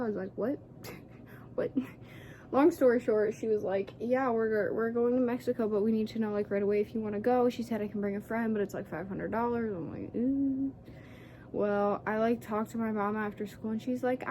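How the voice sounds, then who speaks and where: A woman's voice: on the high side, moderate pace, warm tone, slight background noise. A sixteen-year-old girl telling a story in a chatty, casual vlog, fired up and swearing freely. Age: teens. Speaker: vlogger.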